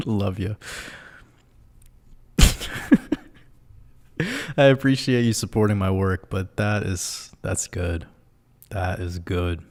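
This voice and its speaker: A man's voice: lowish voice, fairly even intonation, slow, pauses often. A man hosting a casual livestream, reading out viewer comments in a loose, profane way and laughing often. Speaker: livestream host.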